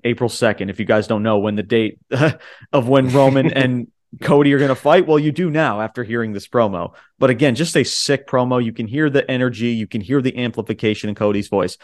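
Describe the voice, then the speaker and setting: A man co-hosting a casual podcast, recapping with excited, profane and rambling enthusiasm. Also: mid-range voice, fairly quick. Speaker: podcast co-host.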